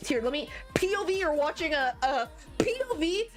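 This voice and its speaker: High-voiced young woman ranting while streaming. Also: moderate pace, soft background music. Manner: rambling, filler-heavy, profane and animated. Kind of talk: casual livestream chat while drawing.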